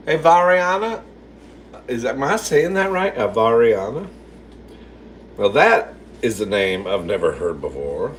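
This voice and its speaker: With a medium-pitched voice, big pitch swings, and an unhurried delivery, a man cooks and livestreams casually from his home kitchen; there's a little hiss or hum. He responds to viewers with sass and frequent cursing, calling them "girl."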